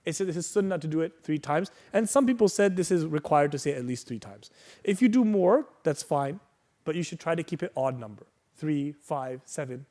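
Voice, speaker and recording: A man's voice: on the high side, expressive, normal speed, dark tone. A man teaching a workshop on prayer, explaining patiently and reassuringly, reciting Arabic phrases and checking in with "right?" and "okay?". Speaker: religious teacher.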